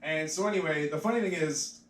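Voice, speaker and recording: A man's voice: on the high side, fairly quick, far from the mic. A man doing live stand-up comedy in a pub, rambling and offhand, with many "like" fillers. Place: pub stage, live audience. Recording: echoey pub mic heard from afar.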